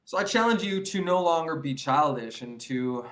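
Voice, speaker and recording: A man's voice: a little high, lively intonation, normal speed, fairly bright tone. Earnest rambling young man vlogging. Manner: rambling, earnest, preachy, many restarts and "you know". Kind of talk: casual advice monologue to camera.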